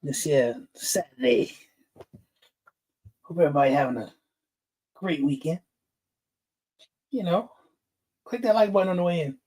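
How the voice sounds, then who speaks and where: A man's voice: on the high side, expressive, unhurried, long pauses, a little mellow. A man hosting a casual livestream, greeting chatters by name, laughing often and getting fired up. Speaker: livestream host.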